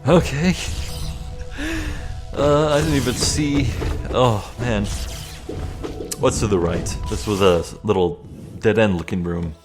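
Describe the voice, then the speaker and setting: A man's voice: on the low side, takes it slowly, pauses often. A young man giving casual, chatty gameplay commentary, thinking aloud and poking fun at himself. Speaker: let's play host. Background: faint game music.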